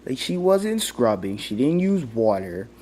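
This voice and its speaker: A man's voice: mid-range voice, sing-song, unhurried, mellow, slight background noise. A young man giving a casual, rambling rant, full of "like" and restarts. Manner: rambling, heavy use of "like", many restarts. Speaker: vlogger.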